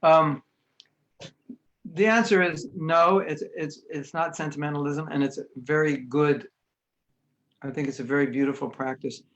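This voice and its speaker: With a voice on the high side, this American spiritual teacher speaks at normal speed and pauses often during his online class over a video call. He keeps things conversational and lively, acting out quoted voices along the way.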